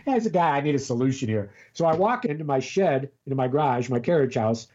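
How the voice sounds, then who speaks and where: A man's voice: mid-range voice, lively intonation, darkish tone, dull audio. Rambling older man telling a story. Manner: rambling, storytelling with halting restarts. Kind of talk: casual chat on a call.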